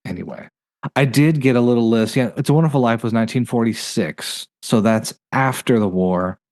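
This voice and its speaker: A man hosting a podcast, chatting casually in a review and rattling off facts in quick bursts. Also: medium pitch, a little mellow, no room sound, studio quality. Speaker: podcast host.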